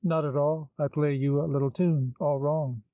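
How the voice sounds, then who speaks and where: A man voicing a towering, sinister man who mocks his friend in a slow, taunting drawl. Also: fairly high pitch, fairly even intonation, no room sound, narrow, tinny audio, lightly acted. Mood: mocking. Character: towering sinister mocking man, scornful schemer.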